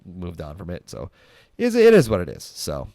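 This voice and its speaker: This young man hosts a casual podcast in a low, mellow voice with huge pitch swings at normal speed, recorded as clean studio sound with no echo. He rambles through stories, full of fillers and restarts, in a casual chat.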